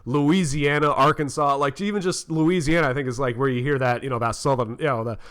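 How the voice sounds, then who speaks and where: A man's voice: medium pitch, fairly even intonation, fairly quick, fairly bright tone, smooth. A man co-hosting a podcast in casual chat, musing in a laid-back way and slipping into playful little impressions. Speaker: podcast co-host.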